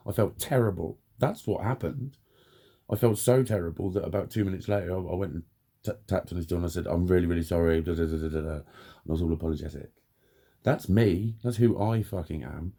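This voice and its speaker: A man's voice: low voice, a little fast, gravelly, dark tone, breathy edge. A man in a heated, blunt personal rant, swearing constantly as he tells his story to camera. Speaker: vlogger.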